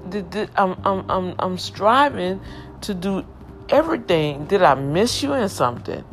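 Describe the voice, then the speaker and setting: A woman's voice: lowish voice, very animated, moderate pace, faint music behind. A woman sharing an emotional personal testimony, with impassioned, emphatic, repetitive storytelling.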